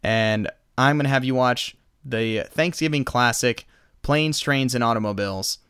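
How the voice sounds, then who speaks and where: A man co-hosting a podcast in casual chat, animated and quick to laugh. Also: medium pitch, smooth, no room sound, studio quality. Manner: animated, retells scenes with laughter. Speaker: podcast co-host.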